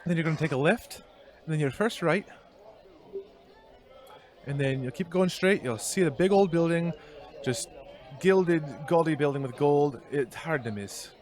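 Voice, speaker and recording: A man voicing a high-pitched cat-folk woman who sells fabrics, slipping toward a Scottish lilt. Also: unhurried, few pauses, natural voice. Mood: helpful. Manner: slips back into a Scottish lilt.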